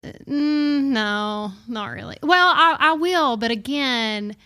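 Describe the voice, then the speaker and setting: A woman's voice: sits high, animated, slow pace, sharp tone, smooth. A young woman with a Southern US accent, a podcast guest chatting casually and laughing at herself. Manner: chatty, laughs often, self-deprecating.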